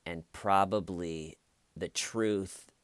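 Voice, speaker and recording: Casting: low-voiced man, unhurried wry commentary, dry close mic. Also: fairly even intonation, smooth, no echo. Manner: slow, wry, acts out quotes in mocking voices. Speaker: commentary vlogger. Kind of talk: casual commentary monologue.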